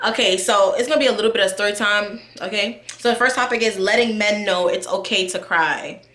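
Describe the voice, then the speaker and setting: Bright-voiced New woman vlogging. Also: medium pitch, a little fast. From New York. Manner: chatty, candid, lots of fillers, addresses viewers directly. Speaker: YouTube vlogger. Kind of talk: casual chat to camera. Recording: echoey room.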